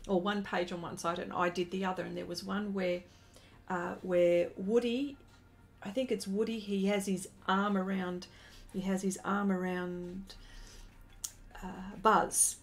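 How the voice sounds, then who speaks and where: A woman's voice: medium pitch, fairly even intonation, a little slow. A woman in her forties telling a rambling story during a casual live stream as an artist and host, breaking off to greet viewers.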